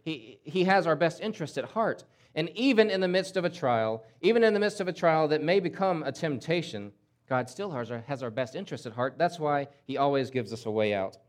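Emphatic preacher man, slightly high voice. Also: lively intonation, a little fast. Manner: emphatic, acts out quoted voices, repeats words. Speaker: pastor. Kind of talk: sermon.

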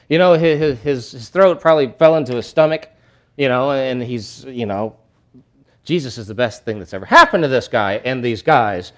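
A male pastor preaching a sermon, animated and conversational, acting out scenes from scripture. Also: mid-range voice, fairly quick. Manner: animated, acts out disciples' voices.

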